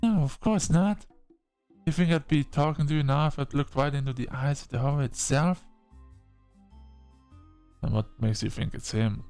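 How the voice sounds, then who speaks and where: A man's voice: normal speed, long pauses, darkish tone, smooth, faint music behind, lightly acted. A man doing a panicky, tearful young hero. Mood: anxious, defensive. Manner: high, panicky, stammering. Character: frightened, tearful young protagonist.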